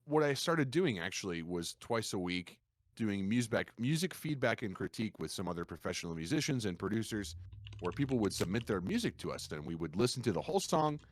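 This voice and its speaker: A man with a low voice, a streamer guest on a podcast, telling his stories in a lively, animated way. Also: brisk, no room sound. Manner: animated storyteller, acts out quoted gamers in a raised voice. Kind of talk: casual podcast conversation.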